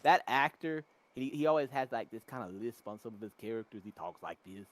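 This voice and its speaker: A man's voice: mid-range voice, expressive, brisk, slight background noise. A man from North Carolina chatting casually, telling rambling stories full of tangents and self-corrections. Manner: rambling, tangent-prone storytelling. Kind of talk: casual chat.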